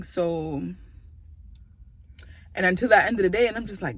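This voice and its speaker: A woman telling a story in a casual vlog, chatty and animated, with lots of fillers and laughter. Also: mid-range voice, quick pace, pauses often, no echo.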